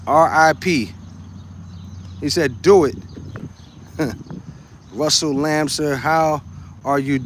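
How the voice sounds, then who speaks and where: Reading viewer comments during a relaxed livestream, an American man laughs frequently and keeps repeating phrases. His voice is a little high and slightly bright, with light background noise.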